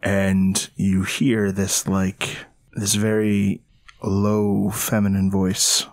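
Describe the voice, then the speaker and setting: A man narrating as game master of a tabletop game, descriptive and unhurried. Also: on the low side, completely flat delivery, darkish tone, no room sound.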